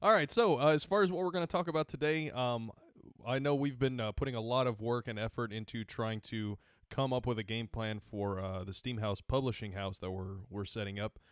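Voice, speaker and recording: A man co-hosting a casual podcast who talks in a joking, animated way. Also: medium pitch, brisk, smooth, no room sound, clean studio sound. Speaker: podcast co-host.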